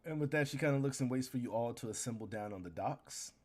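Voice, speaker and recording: A man's voice: mid-range voice, quick pace, a little mellow. Male game master, casual tabletop narration, easygoing. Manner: casual, filler-heavy storytelling with character voices.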